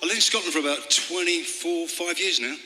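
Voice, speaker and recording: A man talking between songs at a live club gig, rambling and wry, halting with fillers and political jokes. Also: a little high. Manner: halting, with many fillers and restarts. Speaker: folk singer and storyteller. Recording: hall reverb with guitar playing.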